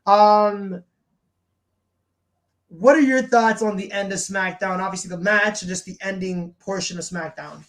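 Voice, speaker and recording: Woman co-host chatting about wrestling, lively, keeps acting out quotes. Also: medium pitch, unhurried. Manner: animated, retells scenes by acting out quotes. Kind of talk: casual chat.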